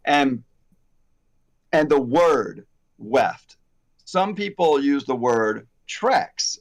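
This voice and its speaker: A male hair extension educator hosts a casual, conversational chat, rambling in an animated, self-deprecating way with frequent fillers. His mid-range voice is extremely slow, broken up by long pauses.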